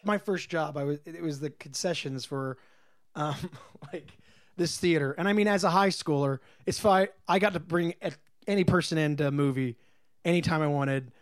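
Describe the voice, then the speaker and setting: A man with a high voice tells a rambling story on a podcast, giggling and slipping into silly impressions. The sound is dry and close. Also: normal speed, no echo. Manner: rambling anecdote, giggling, does goofy impressions. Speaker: podcast guest. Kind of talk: casual chat.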